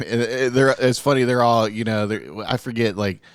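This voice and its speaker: A man's voice: mid-range voice, fairly even intonation, normal speed, clear, resonant tone, dry recording, studio quality. A man co-hosting a casual podcast, talking earnestly and rambling, with lots of swearing and trailing fillers. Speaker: podcast co-host. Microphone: studio mic.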